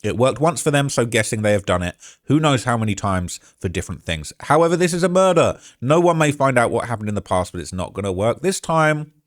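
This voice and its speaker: A man's voice: mid-range voice, sing-song, fairly quick, hardly any pauses. A man hosting a true-crime commentary show, ranting with heated sarcasm and reading out online comments. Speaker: host.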